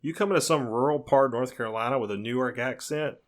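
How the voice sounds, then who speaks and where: A man's voice: medium pitch, fast. Insistent man in casual podcast chat. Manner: earnest, insistent, repeats himself. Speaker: podcast co-host. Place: lives in North Carolina.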